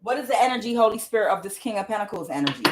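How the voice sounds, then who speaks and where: There's noise in the background as an animated tarot reader with a mid-range voice races through a casual reading. She swears, speaks bluntly, and calls on the Holy Spirit aloud along the way.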